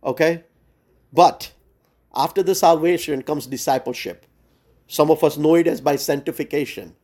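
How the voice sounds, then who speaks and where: A man leading a Bible study over a video call, preaching urgently with many pauses and fillers. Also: fairly high pitch, darkish tone. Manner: earnest and urgent, frequent "uh" and "right?" fillers. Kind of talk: sermon-style Bible teaching. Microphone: Zoom call.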